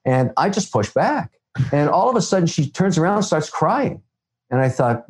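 A Canadian man, a guest investor, telling stories in an interview in a blunt, animated way. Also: a little high, moderate pace. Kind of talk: storytelling interview answers.

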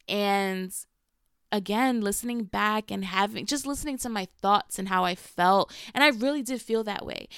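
A woman's voice: mid-range voice, gravelly, a bit bright, clean tone, no room sound, clean studio sound. A woman hosting her own podcast, talking candidly and casually with plenty of slang and swearing. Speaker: podcast host. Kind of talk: casual confessional podcast talk.

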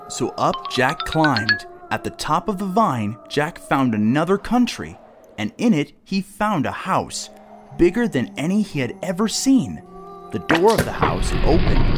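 A man reading a children's story aloud, expressive and storybook-style. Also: medium pitch, measured pace, faint music behind.

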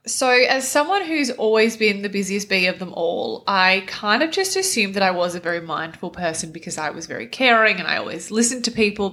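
A woman's voice: medium pitch, sharp tone. A young woman hosting a casual solo podcast, sounding nasal after recent nose surgery and chatting with lots of "like" and "kind of". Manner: chatty, uses many fillers like "like" and "kind of". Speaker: podcast host.

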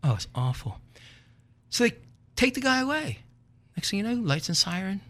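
An older man hosting a show, telling a comic story in a wry, animated way and chuckling at his own tale. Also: sits high, moderate pace. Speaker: podcast host.

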